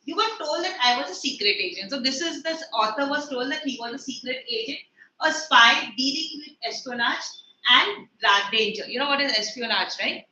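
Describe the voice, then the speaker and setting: A woman's voice: sits high, animated, normal speed, bright, forceful tone. A woman teaching an English literature class, explaining words with everyday examples in a chatty way. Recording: echoey room with faint noise.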